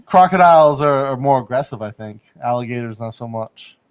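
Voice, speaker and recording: A man's voice: medium pitch, lively intonation, fairly quick, clear, resonant tone. Chatty male host rambling on a livestream. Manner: rambling, chatty, laughs often, hedges with "I think". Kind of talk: casual livestream chat. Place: studio in Bangkok.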